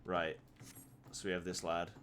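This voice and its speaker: A man streaming a game, chatting casually and excitably with his viewers. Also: deep voice, measured pace, slight background noise. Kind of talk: casual live game commentary.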